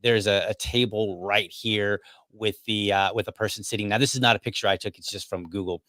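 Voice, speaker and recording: A man's voice: on the low side, fairly even intonation, brisk, sharp tone, no room sound. A man hosting a podcast, telling a story casually with many restarts and asides. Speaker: podcast host.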